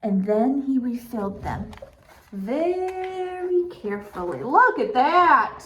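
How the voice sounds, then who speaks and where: A woman's voice: sits high, big pitch swings, takes it slowly, fairly bright tone. A woman reading a picture book aloud to children, playful and breaking off for asides to her young listeners.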